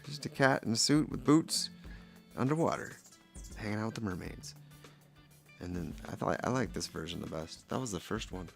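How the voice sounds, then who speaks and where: Brief: male painter, playful rambling commentary, gravelly fry in the voice. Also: on the low side, normal speed, soft background music. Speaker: painter showing his work. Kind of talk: casual commentary.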